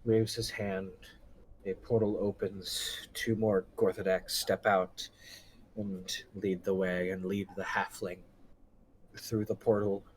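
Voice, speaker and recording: A man narrating a tabletop game as game master, describing the scene slowly. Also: sits low, little pitch movement, slight background noise, poor audio. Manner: slow, drawn-out descriptive narration.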